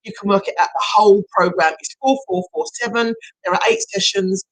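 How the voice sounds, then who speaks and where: A middle-aged woman, a hypnotherapist, chatting casually on a live stream and bursting into excited shouts as she hosts a prize draw. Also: medium pitch, fairly quick, dry recording, low-quality recording.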